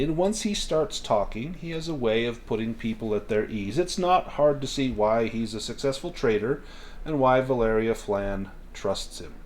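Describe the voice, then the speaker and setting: Male game master, relaxed, descriptive narration, tabletop game. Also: mid-range voice.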